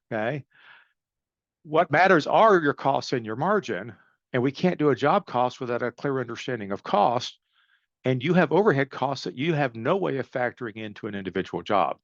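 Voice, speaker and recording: A middle-aged man presents a webinar, coaching his listeners bluntly and emphatically at a mid-range pitch. The audio is dry and a little muffled, with no room sound around the voice. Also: no room sound. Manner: emphatic, coaching, blunt with frequent "right?" and "okay?". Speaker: sales and pricing consultant presenting a webinar.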